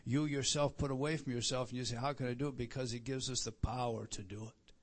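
A middle-aged man preaching a sermon, repeating phrases for emphasis and swinging from loud declarations to soft asides. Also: mid-range voice, steady tone, quick pace. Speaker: pastor.

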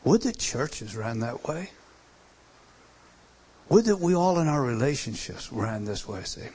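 A male pastor preaching a sermon, stressing points and swinging between loud emphasis and quiet, hushed lines. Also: mid-range voice, very animated, measured pace, husky.

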